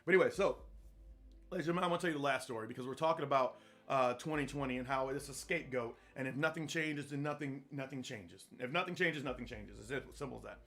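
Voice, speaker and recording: A man's voice: medium pitch, fast talker, fairly bright tone. A man hosting a podcast, giving an earnest, repetitive motivational talk in a preacher-like manner. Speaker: podcast host. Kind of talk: motivational monologue.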